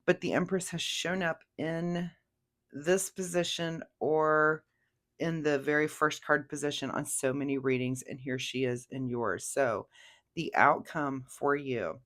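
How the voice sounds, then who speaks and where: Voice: mid-range voice, steady tone, unhurried, fairly bright tone. A tarot reader giving a casual weekly reading, rambling and chatty, with many fillers.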